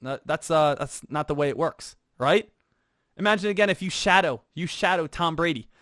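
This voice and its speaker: A man with a high, bright-sitting voice runs an energetic trading lesson, peppering it with "right?" and "again". The sound is dry and close. He slips into quick put-on voices for imagined students. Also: no room sound. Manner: rhetorical "right?" and repeated "again". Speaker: trading instructor. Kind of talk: energetic teaching talk.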